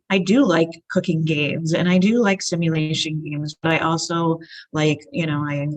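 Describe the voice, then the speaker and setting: A woman speaking as a panelist on a video call, chatty and rambling, often correcting herself. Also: low voice.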